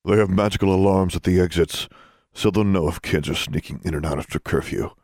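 Male narrator doing a commanding older boy, lowered, scornful, dry. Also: brisk, a little mellow, no room sound. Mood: contemptuous. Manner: contemptuous, commanding. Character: cold contemptuous older student society leader.

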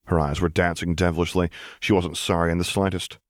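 A man narrating a story with a wry, measured delivery. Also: deep voice, flat delivery, no room sound, studio quality. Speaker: audiobook narrator. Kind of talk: fan fiction narration.

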